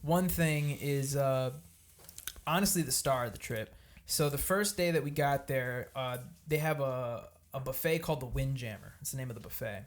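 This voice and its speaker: A man co-hosting a casual podcast, telling a vacation story in an animated way, swearing freely and acting out the people he met. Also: medium pitch, normal speed, a little hiss or hum. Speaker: podcast co-host.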